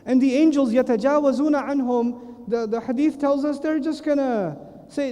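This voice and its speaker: American male lecturer, high voice, mellow tone, lively storyteller acting out voices, hall reverb. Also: fast. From United States. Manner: animated storytelling with acted voices and laughter. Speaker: Islamic lecturer. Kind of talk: religious lecture.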